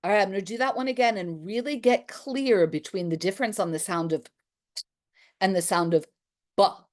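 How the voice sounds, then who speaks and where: Woman leading energetic articulation warm-ups. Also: medium pitch, normal speed. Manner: energetic, exaggerated articulation drills. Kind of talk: workshop instruction with call and response.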